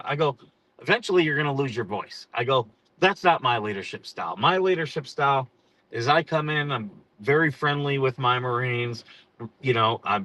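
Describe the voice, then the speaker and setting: A man with a bright, ringing voice tells stories from his days in the military as a casual stream host. He is blunt and profane, and quick to laugh. His pitch sits in an ordinary middle range. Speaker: podcast host and former Marine officer. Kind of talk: casual storytelling livestream.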